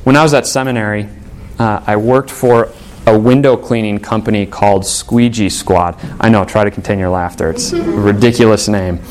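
A man's voice: on the low side, fairly even intonation, moderate pace, a little mellow, slight background noise. Storytelling male pastor preaching. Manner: conversational storytelling preacher, acts out quoted voices. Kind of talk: sermon.

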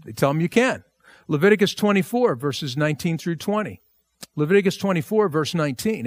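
A man's voice: a little high, lively intonation, fairly quick, no room sound. A male pastor preaching a verse-by-verse sermon, emphatic and repeating phrases for stress. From United States.

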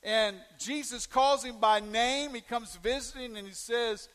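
Man, pastor, sermon, high voice, folksy storytelling, long hall reverb. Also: unhurried, few pauses, fairly bright tone. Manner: folksy storytelling with questions to the congregation.

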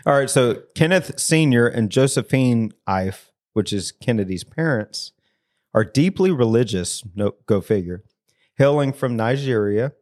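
A man hosts a podcast from a small studio, with a voice that sits at a medium pitch. He tells the story loosely and jokingly, often breaking into laughter. His voice is picked up on a studio mic. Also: expressive, unhurried, a little mellow. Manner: laughs often, jokey, with a lot of fillers. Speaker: podcast host. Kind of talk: casual storytelling chat.

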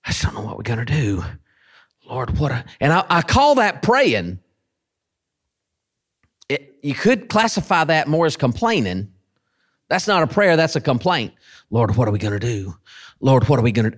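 Man, pastor, sermon, high animated voice, emphatic repetition. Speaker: pastor and station head.

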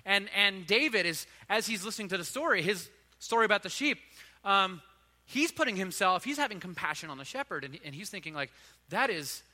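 A man's voice: sits high, lively intonation, a little fast, bright, forceful tone, long reverb tail. A man giving a sermon, telling stories in an informal, conversational way. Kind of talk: sermon storytelling.

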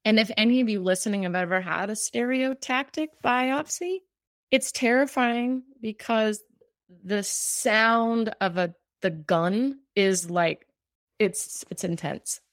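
A woman's voice: fairly high pitch, slow, dry recording, clean studio sound. A woman guest telling a personal story in conversation. She speaks in a heartfelt, rambling way, full of fillers. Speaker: cancer survivor guest.

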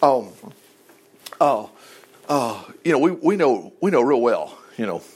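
A man's voice: mid-range voice, big pitch swings, measured pace, a little mellow, husky. A man teaching a Bible lesson in a casual, folksy way, full of asides and rhetorical questions.

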